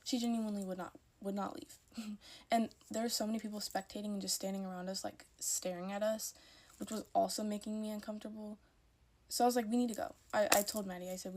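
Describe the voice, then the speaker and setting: Chatty young woman telling a storytime. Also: medium pitch. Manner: emphatic, chatty, repeats herself. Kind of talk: casual storytime.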